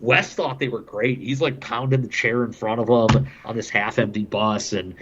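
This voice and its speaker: A man's voice: on the low side, moderate pace, a bit bright, slightly rough, dull audio. A man, a hockey broadcaster on a podcast, telling casual stories and laughing often as he talks. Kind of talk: casual storytelling.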